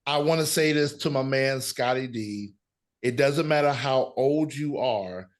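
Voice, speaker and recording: A man's voice: on the high side, measured pace. A man co-hosting a sports podcast, teasing his co-host with reluctant, playful compliments. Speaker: podcast co-host, studio manager. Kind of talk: casual sports podcast chat.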